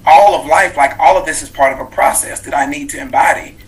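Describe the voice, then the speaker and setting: A man's voice: fairly high pitch, a little fast, poor audio. A man in his thirties, a guest author, telling a personal story in an interview, earnest and reflective, with many fillers and restarts. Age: 30s.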